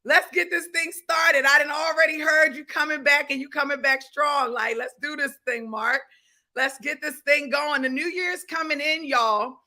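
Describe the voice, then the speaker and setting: A woman's voice: sits high, fairly even intonation, normal speed, pushed and bright. A woman hosting a livestream business class, hyping up her viewers, greeting them by name and repeating her key points. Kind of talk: energetic livestream coaching.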